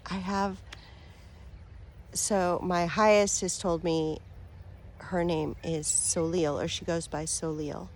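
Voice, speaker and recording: A woman talking straight to her viewers as a spiritual vlogger, earnest and affectionate, rambling with fillers and soft laughs. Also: on the low side, steady tone, takes it slowly, long pauses. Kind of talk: heartfelt direct-to-camera talk.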